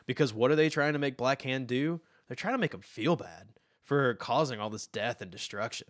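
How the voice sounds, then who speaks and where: Male podcast co-host, mid-pitched, dry close mic, eager explainer. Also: brisk, dry recording. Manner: enthusiastic, explanatory, trails off quietly. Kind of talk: casual chat.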